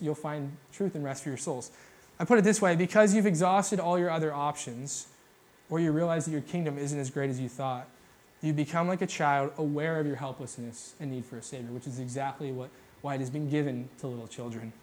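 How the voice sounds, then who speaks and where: A young adult man giving a sermon in a relaxed, conversational way, full of fillers and restarts. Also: fairly high pitch. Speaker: pastor.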